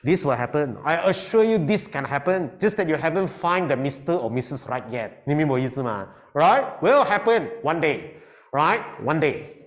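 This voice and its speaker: A man teaches his class. His voice sits high and leaps all over the place, and he keeps a playful, animated manner while mixing in Mandarin. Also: normal speed. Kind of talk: classroom lesson.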